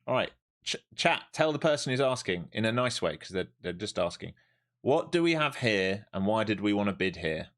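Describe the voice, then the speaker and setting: A man doing live trading stream commentary, animated and swearing freely as he talks through the chart. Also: on the low side, moderate pace. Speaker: live-stream day trader.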